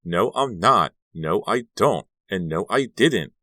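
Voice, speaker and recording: A man voicing a sharp-tongued, sarcastic teenage girl in an audiobook reading. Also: fairly low pitch, expressive, takes it slowly, no room sound, clean studio sound, voice pushed up, exaggerated voice. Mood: incredulous. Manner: sarcastic, mock-snooty.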